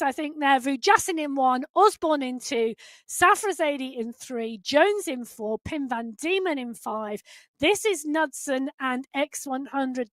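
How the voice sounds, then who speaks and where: A woman commentating a live race, excitable and quick, building to rapid calls at the finish. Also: high voice, no room sound. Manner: excitable, rising to fast shouts at the finish.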